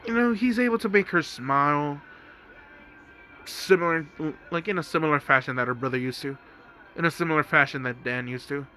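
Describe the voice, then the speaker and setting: A man's voice: a little high, a little fast, pushed and bright, soft background music. A man casually telling a fan-made story, rambling with lots of fillers and asides. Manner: rambling, filler-heavy, amused.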